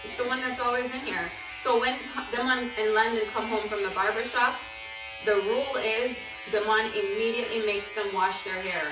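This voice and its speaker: A woman's voice: a little high, steady tone, fairly quick, over music. A woman co-hosting a casual home vlog, chatting with lots of "um" and "like" fillers. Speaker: brand co-founder and vlog host. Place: home room during lockdown. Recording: echoey room, mic at a distance, background noise.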